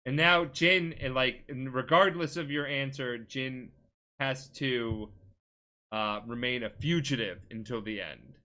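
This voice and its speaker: A man's voice: mid-range voice, measured pace, sharp tone. A tipsy man rambling through a game plot on a casual podcast, full of filler words and restarts. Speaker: podcast co-host.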